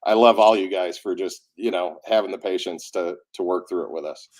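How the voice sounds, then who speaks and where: Low-voiced man with a cold. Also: fairly quick. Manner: animated storyteller who acts out quotes. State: has a cold, coughing. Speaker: audiobook narrator. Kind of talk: casual chat.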